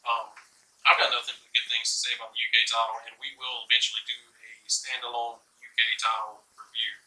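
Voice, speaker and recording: Bright-voiced man in an echoey room. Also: medium pitch, completely flat delivery, quick pace. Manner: chatty, enthusiastic about collectibles. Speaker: co-host. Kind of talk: casual chat. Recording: echoey room, mic far off.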